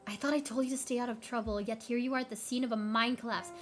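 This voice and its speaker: A woman's voice: on the high side, steady tone, fast, over music, natural voice. A woman voicing a stern adult woman in a game, scolding the others in a clipped way.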